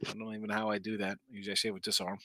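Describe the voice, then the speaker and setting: Tired, rambling man with a bright, dry voice. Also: lowish voice, monotone, rapid-fire, no echo. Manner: laid-back, rambling, slangy, reads chat aloud. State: tired, yawning, injured arm. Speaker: sports betting show host. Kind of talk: casual live-stream chat reading viewer comments.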